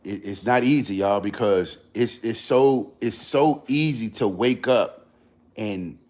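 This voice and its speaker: A man's voice: fairly low pitch, slow pace, a little mellow. A man hosting a livestream, giving an earnest motivational talk to his viewers, repeating his points for emphasis in casual slang. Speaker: livestream host.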